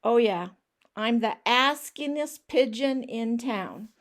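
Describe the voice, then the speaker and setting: A woman doing a loud, whiny pushy pigeon. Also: fairly high pitch, expressive, takes it slowly. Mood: indignant. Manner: loud, insistent, complaining. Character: pushy, whiny male pigeon who demands things.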